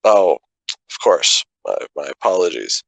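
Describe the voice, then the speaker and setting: A man taking part in a tabletop game, half in character, pausing and restarting as he hunts for words. His voice sits low with a gravelly fry, recorded close and dry. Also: very animated, no echo, rough recording. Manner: halting, many fillers and restarts. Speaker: player. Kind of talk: tabletop role-play, speaking in character.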